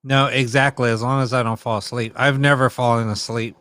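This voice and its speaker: A man's voice: medium pitch, flat delivery, brisk, fairly bright tone, dry recording. A man hosting a late-night live stream, chatting casually with his viewers and teasing back at them.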